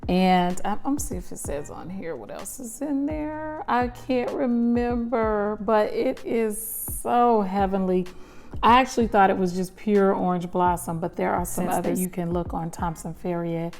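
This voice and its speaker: A woman's voice: medium pitch, a little mellow. A woman vlogger chatting casually at home while unboxing, gushing with lingering "mm"s as she stops to smell. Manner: gushing, breathy pauses to smell. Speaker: lifestyle vlogger.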